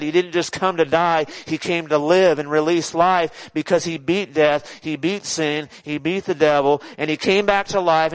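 A man preaching a sermon in an animated, conversational way, acting out scenes dramatically. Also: a little high, dry recording. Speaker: pastor.

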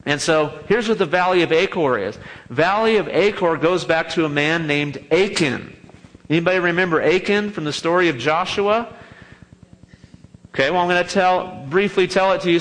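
A man preaching a sermon to his congregation, telling the story in a lively, joking way and acting out the quoted lines in a raised voice. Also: high-pitched, measured pace, long pauses, poor audio. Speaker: pastor.

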